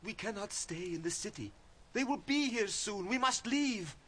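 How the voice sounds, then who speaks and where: An actor playing a shaken male messenger who reports grave news in an earnest, often hushed voice. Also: sits high, lively intonation, moderate pace, a little hiss or hum. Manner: earnest, hushed when telling of grief. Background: music.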